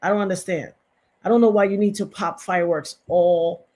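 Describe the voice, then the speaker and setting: A woman's voice: fairly low pitch, fairly even intonation, moderate pace, a little mellow. A middle-aged woman giving impassioned, emphatic live-stream commentary to her chat, repeating points for stress.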